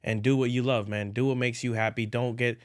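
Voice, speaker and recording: A man chats as a comedy guest on a podcast, easygoing and casual. His voice sits at an ordinary middle pitch. He drops "man" and "dude" into nearly every sentence. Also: level tone, brisk, smooth, no room sound, studio quality. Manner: laid-back, says "dude" and "man" a lot.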